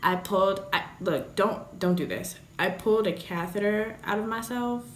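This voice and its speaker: A woman's voice: mid-range voice, moderate pace, slight background noise. A young woman vlogger telling a candid story in a blunt, joking, profane way. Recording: roomy echoey room.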